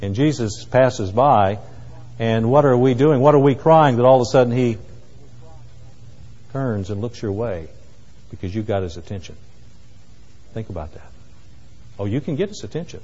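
A man's voice: mid-range voice, lively intonation, normal speed, long pauses, a little hiss or hum. Man preaching in a big echoing hall. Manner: dramatic swings from loud cries to hushed asides. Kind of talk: sermon. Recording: muffled, with long hall reverb.

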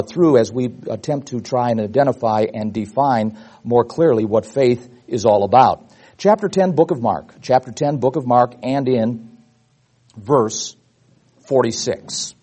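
Husky guy preaching, lively up and down delivery, acts out the bible people as he goes. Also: medium pitch. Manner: animated, acts out voices in the stories. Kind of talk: Bible teaching sermon.

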